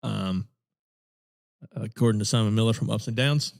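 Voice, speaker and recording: A man's voice: fairly low pitch, moderate pace, vocal fry, darkish tone. A man co-hosting a wrestling podcast, chatting casually with plenty of fillers and restarts. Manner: rambling, many fillers and restarts, laughs often. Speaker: podcast co-host. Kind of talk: casual chat.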